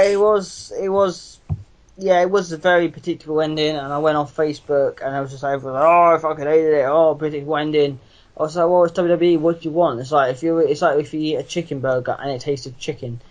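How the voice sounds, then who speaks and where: A man's voice: fairly high pitch, a little fast, rough recording. A young man co-hosting a casual wrestling podcast, rambling, swearing freely and restarting his sentences. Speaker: podcast co-host.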